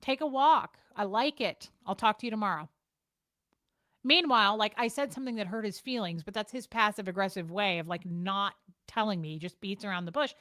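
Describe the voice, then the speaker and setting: A woman's voice: mid-range voice, a bit bright, dry recording. Woman streamer, casual chat, blunt and swearing, dry close mic, home setup. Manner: blunt, profane, fast-shifting delivery. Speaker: livestream host.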